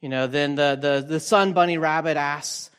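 Pastor preaching in a reverberant hall. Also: male voice, on the high side, moderate pace, clear, resonant tone. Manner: relaxed, thinking aloud with frequent fillers and restarts. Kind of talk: conversational sermon. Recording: long reverb from a large hall.

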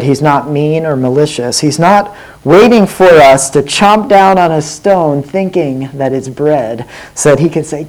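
A man's voice: on the high side, darkish tone, poor audio. A man preaching a sermon in an earnest way, often putting direct questions to his listeners.

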